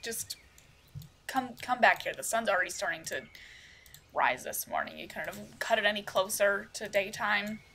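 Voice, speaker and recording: A woman doing a brisk vampire leader, Aster. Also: mid-range voice, creaky, fairly bright tone, a little hiss or hum. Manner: brisk, authoritative.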